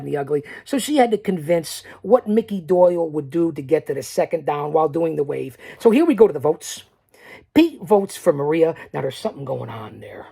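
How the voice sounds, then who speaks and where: With a gravelly, dark, slightly rough voice, a male podcast host boastfully recaps a tournament on his own. He speaks directly to listeners, urging them to stick around, and occasionally sinks into a low mutter.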